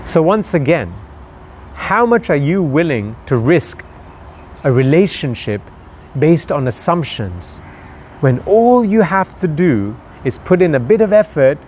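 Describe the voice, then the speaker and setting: Motivational man speaking with a raised pitch. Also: a little mellow, slight background noise. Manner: conversational, rhetorical questions to listener. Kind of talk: motivational talk to camera.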